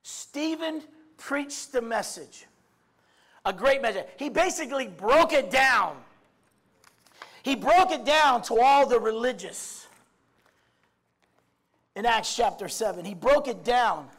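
A man preaching a sermon, swinging from quiet musing to loud shouts, with many stammered restarts and repeated "I mean". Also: extremely high pitch, animated, takes it slowly, long pauses.

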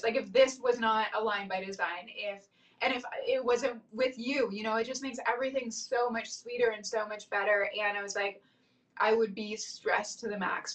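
Woman host in her thirties, fairly high voice, effusive and emotional, a little distant from the mic. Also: a bit bright. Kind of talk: casual chat.

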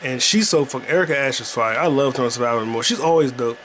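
A man's voice: medium pitch, quick pace, fairly bright tone, a little hiss or hum. A man hosting a podcast, chatting casually and profanely while he plays a video game. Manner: rambling, profane, jokey. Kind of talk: casual gaming commentary.

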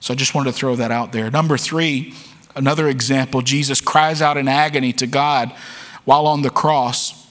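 A man's voice: medium pitch, steady tone, moderate pace, fairly bright tone. Earnest male pastor in a reverberant hall. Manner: earnest, candid preaching with frequent word repeats. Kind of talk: sermon.

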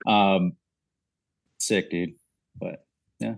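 A young man co-hosting a podcast, telling stories excitedly and saying "like" and "dude" constantly. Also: low-pitched, very slow, creaky, dry recording. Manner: excitable, heavy use of "like" and "dude". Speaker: podcast co-host. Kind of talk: casual chat.

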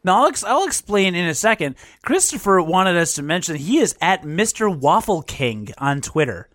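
A man's voice: high voice, very animated, moderate pace, fairly bright tone, no room sound, studio quality. A man co-hosting a casual podcast, teasing his partner and laughing often. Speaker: podcast co-host.

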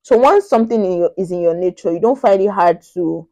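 A woman's voice: fairly low pitch, lively intonation, fairly quick, a little mellow, rough recording. A woman from Nigeria hosting a podcast in casual chat. She is bubbly, laughs often and thinks aloud with many restarts. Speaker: podcast host.

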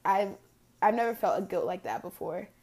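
A woman in her early twenties speaks into her own podcast, reflecting on grief in a loose, unscripted way. She fills her sentences with "like" and "um" as she thinks aloud. Her voice sits at an ordinary middle pitch for a woman. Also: big pitch swings, moderate pace, a little mellow. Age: early 20s. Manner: casual, reflective, frequent "like" fillers. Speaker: podcast host. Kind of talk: personal storytelling monologue.

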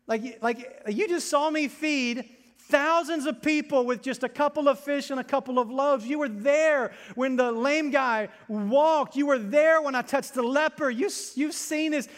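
A gentle, amused man, acted out by a preacher teases his friends in a chummy way, with laughter close behind the words. The voice sits high. A long hall reverb trails after it. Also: a little slow. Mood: teasing.

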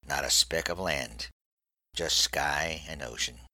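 A man reading a naval story aloud in a steady, measured way. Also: rumbling low, no room sound, poor audio. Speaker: narrator.

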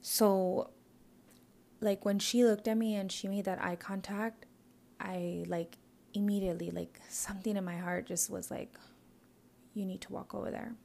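A young woman telling a personal story in a halting way, full of fillers and often dropping into a whisper, tearful. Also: mid-range voice, flat delivery, gravelly, warm tone. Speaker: mother recounting a loss.

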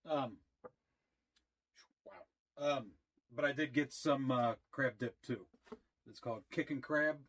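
A man co-hosting a casual podcast, talking haltingly with many ums and restarts. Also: medium pitch, a bit bright. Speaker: podcast co-host. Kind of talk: casual chat.

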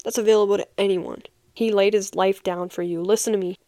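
A young woman shares her personal faith testimony in an earnest, heartfelt way, often repeating a phrase for weight. Her voice sits at an ordinary middle pitch. The recording is dry and close, with no room sound. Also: fairly even intonation, fairly quick, warm tone, no room sound. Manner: earnest, heartfelt, emphatic repetitions. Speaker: podcast host.

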